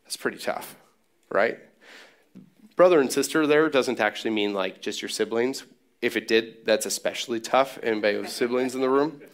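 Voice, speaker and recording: A man's voice: mid-range voice, normal speed. A man preaching a sermon in a casual, joking way with sarcastic asides. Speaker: pastor.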